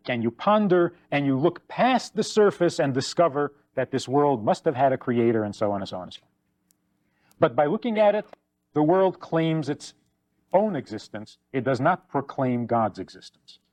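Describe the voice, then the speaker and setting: A man's voice: darkish tone, no echo. A man, a rabbi, giving a teaching talk, telling stories and acting out the voices of the people in them. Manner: storytelling, acts out quoted voices with rising pitch.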